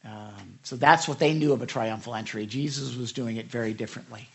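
A middle-aged man preaching a conversational sermon, reading scripture and rising into sudden loud, high bursts for emphasis. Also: a little fast, creaky. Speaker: pastor.

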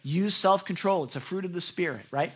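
A man preaching a sermon as pastor, animated and acting out the people in his stories. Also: high-pitched, brisk, breathy edge. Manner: animated, acts out quoted people.

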